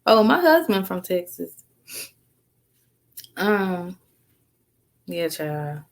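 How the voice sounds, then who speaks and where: A woman's voice: fairly low pitch, very animated, extremely slow. A tired woman chatting casually with viewers on a live stream, eating snacks as she talks and calling them girl and sis. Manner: eating snacks while talking. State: tired after work.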